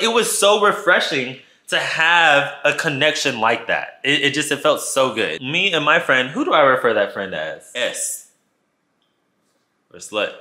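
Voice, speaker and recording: A man's voice: on the high side, sharp tone. A man telling a casual storytime to his channel, playful and dramatic, acting out the people he quotes, in an echoey room. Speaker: vlogger.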